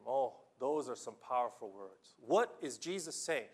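A male pastor preaching a sermon, telling the story with animated swings between loud exclamations and hushed tones, often filling with "you know". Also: medium pitch, moderate pace, few pauses, slightly rough. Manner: fills with "you know" and restarts.

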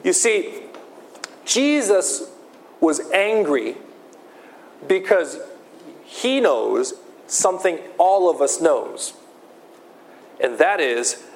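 Slow, emphatic male preacher. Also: a little high. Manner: slow, emphatic, repeating key phrases. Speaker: pastor. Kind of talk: sermon.

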